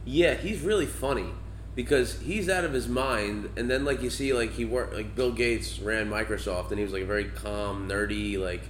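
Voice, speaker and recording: A man's voice: fairly low pitch, normal speed, slight background noise. A young man co-hosting a casual sports podcast, joking and rambling with swearing. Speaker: podcast co-host. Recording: echoey room.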